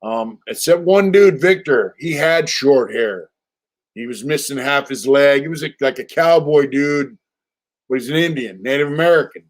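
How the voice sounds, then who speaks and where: An older man from California hosts a casual livestream, speaking in a mid-range voice at normal speed. He tells a story in a loose, rambling, streetwise way, full of fillers and swearing.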